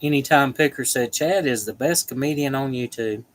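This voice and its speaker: A man's voice: medium pitch, moderate pace, a little hiss or hum, poor audio. Dude chatting on his livestream, jokey, reads out comments, regular mid voice. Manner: chatty, joking, laughs often. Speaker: livestream host. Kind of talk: casual live chat reading comments.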